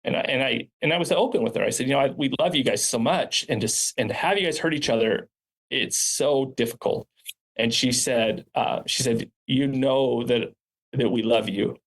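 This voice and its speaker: A man's voice: medium pitch, a little fast, gravelly, a bit bright, slightly rough. A man, a charter school founder and principal, telling stories from his school in an earnest, reflective way with frequent restarts. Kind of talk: podcast interview storytelling.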